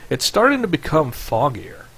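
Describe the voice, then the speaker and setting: A man's voice: fairly high pitch, sing-song, normal speed, a bit bright, breathy edge. A man narrating as game master over voice chat in a loose, filler-heavy way. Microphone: headset or desk mic on voice chat.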